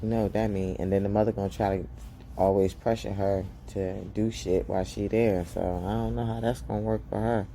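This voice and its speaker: A woman giving a casual, gossipy recap of a TV episode to her viewers. She is animated and acts out the characters' lines in high voices. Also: fairly quick, a little hiss or hum. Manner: chatty, gossipy, talks straight to viewers as "girl". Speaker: show recap host.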